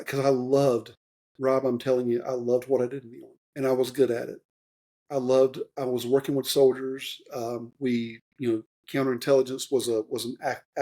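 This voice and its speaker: His tone level and dark, his pitch medium, and his pace a little fast, a retired Army warrant officer in his fifties narrates his story in a conversational podcast interview. The telling is rambling and earnest, openly emotional, and full of fillers and restarts.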